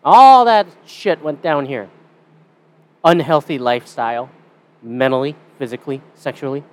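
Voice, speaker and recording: A man's voice: medium pitch, moderate pace, no echo. A young Canadian man hosting a casual solo podcast, rambling and swearing with a sarcastic edge. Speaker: podcast host.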